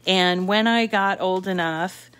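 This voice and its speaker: Slow-talking Boston woman demonstrating a craft. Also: medium pitch, fairly bright tone, clear, resonant tone. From Boston area. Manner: chatty, many fillers and self-corrections while working. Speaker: craft tutorial host. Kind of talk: casual demonstration with rambling asides.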